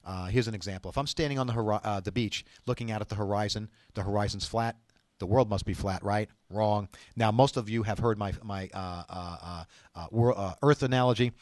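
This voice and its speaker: A man's voice: on the low side, brisk, darkish tone, dry recording. Chatty rambling man, dry close sound. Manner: rambling, chatty, many fillers and restarts. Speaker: show host giving diet advice. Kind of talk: casual talk to camera.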